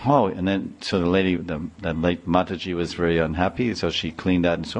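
A man's voice: deep voice, steady tone, normal speed. A man telling a devotional story in a rambling way, restarting and repeating phrases.

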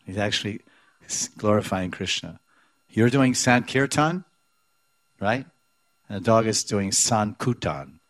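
A man's voice: lowish voice, expressive, a little slow, long pauses, fairly bright tone, no room sound. A man giving a devotional scripture class who repeats words and chants verses, then explains them. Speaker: spiritual teacher.

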